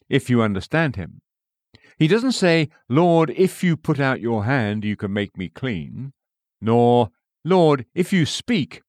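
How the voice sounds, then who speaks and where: A man's voice: mid-range voice, no room sound. A man delivers a sermon as a read-aloud text in an earnest, emphatic preaching style. His voice sits in a middle register, lifting sharply on key phrases and sinking to near-whispered endings. The recording is dry, with no room sound. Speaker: sermon reader.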